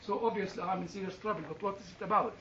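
With a high voice and fairly even intonation, a man races through an anecdote for an audience in a room, chuckling often and restarting sentences. There's background noise, and the distant recording sounds roomy and dull.

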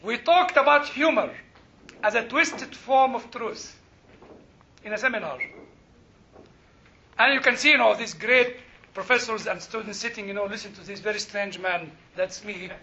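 A man teaching a Bible study class in an animated, joking way, quizzing his listeners. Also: sits high, moderate pace, pauses often, a little hiss or hum. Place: classroom with a group. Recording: dull lo-fi recording.

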